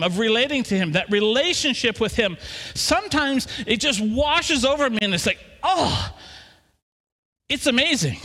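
Middle-aged man, pastor mid-sermon, lively swooping delivery in a reverberant church. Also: high-pitched. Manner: animated, talks to the congregation with questions. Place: church hall. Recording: long hall reverb.

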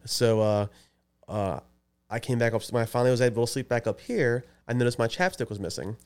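A man's voice: mid-range voice, fairly quick, darkish tone, smooth. A man co-hosting a podcast, telling rambling stories in casual chat and laughing often. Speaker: podcast co-host.

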